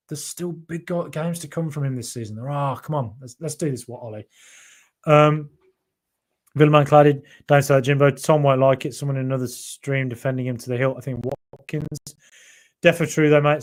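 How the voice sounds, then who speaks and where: A man hosts a football fan podcast in a loose, chatty live-stream style. He talks with animated energy and breaks off to read out viewer comments. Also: fairly high pitch. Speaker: podcast host.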